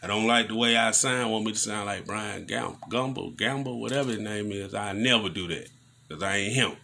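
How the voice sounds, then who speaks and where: A man giving casual news commentary on a vlog, preaching in animated rants full of slang. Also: lowish voice, fairly quick, gravelly, a little hiss or hum.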